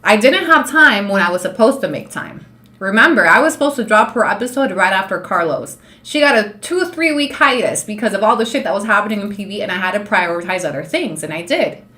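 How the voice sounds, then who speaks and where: A woman's voice: medium pitch, animated, brisk, sharp tone. A woman in her thirties hosting an unscripted livestream, talking straight to her chat in a blunt, profane way and slipping into Spanish now and then. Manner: slips into Spanish phrases. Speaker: livestream host and law student. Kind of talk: unscripted live-stream rant.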